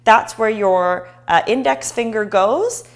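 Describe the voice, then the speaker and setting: A woman's voice: on the high side, animated, slow. Woman, cooking show host, chatty, encouraging, live kitchen demo. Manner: chatty and encouraging, talking to viewers.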